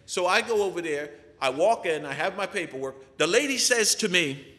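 Animated man telling a testimony. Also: high-pitched, moderate pace. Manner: animated, asks the audience rhetorical questions. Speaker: person giving a testimony. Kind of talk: church testimony storytelling. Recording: long reverb of a large hall.

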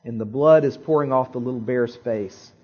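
A man preaching a sermon, telling a story in an animated way with dramatic pauses and repeated phrases. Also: medium pitch, slightly rough, lo-fi sound. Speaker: pastor.

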